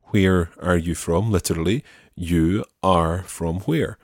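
Low-voiced man teaching French phrases. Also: darkish tone, no echo, clean studio sound. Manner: slow careful repetition of phrases. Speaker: language teacher.

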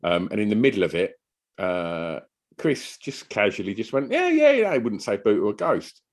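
A man's voice: fairly low pitch, big pitch swings, moderate pace. A man, co-hosting a podcast, chatting casually and telling rambling stories with some swearing. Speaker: podcast co-host. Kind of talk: casual chat.

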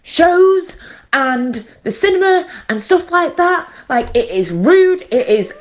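A woman's voice: extremely high pitch, sing-song, takes it slowly. A woman venting angrily in a voice note sent to a podcast, swearing as she goes. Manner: angry, swearing rant. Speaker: listener sending a voice note. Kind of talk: recorded rant.

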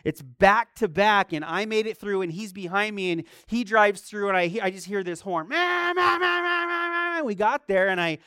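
A man's voice: high voice, moderate pace, hardly any pauses, a bit bright, clear, resonant tone, dry recording, clean studio sound. A man preaching a sermon as a pastor, telling stories, asking rhetorical questions and acting out the voices he quotes.

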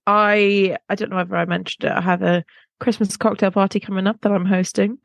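A woman's voice: medium pitch, little pitch movement, fairly quick, vocal fry, dry recording. A woman co-hosting a podcast in casual, rambling chat, poking fun at herself. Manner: chatty, self-mocking, rambling asides. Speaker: podcast co-host.

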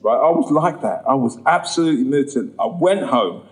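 A man telling his personal testimony in a sermon, acting out the voices in his story and rising high when he gets emphatic. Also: animated, a little fast, low-quality recording. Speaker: preacher giving testimony.

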